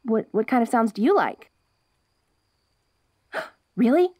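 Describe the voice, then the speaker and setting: A woman's voice: on the high side, sing-song, slow, darkish tone, no echo, exaggerated voice. A young woman voicing a perky, curious wolf girl in an ASMR role-play, bubbly and giggly with restless chatter.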